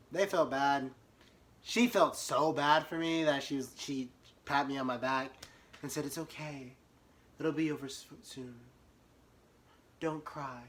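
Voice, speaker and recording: A young man telling a comic story about himself, animated, swinging from muttered asides to sudden yelps. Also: mid-range voice, a little hiss or hum. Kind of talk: comedic storytime monologue.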